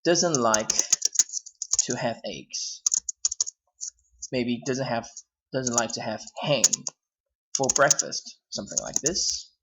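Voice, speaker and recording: In a very noisy recording, a Hong Kong-accented English teacher walks through a grammar lesson step by step, classroom style, frequently repeating his points. He speaks slowly at a medium pitch with long pauses, yet his voice moves up and down animatedly.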